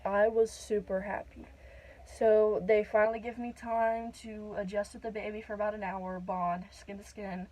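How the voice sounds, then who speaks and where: A teenage girl vlogging a casual storytime at home, chatty and full of "like", acting out quotes in a higher voice. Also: warm tone, poor audio. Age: teens. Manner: chatty, says "like" a lot, acts out quotes in a higher voice.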